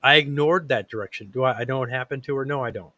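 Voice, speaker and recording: A man hosting a casual talk show, speaking earnestly in a rambling way, full of fillers and false starts. His voice sits at a middling pitch and is recorded close and dry, with no room sound. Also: quick pace, pushed and bright, no room sound, lo-fi sound. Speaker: podcast host. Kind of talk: casual chat.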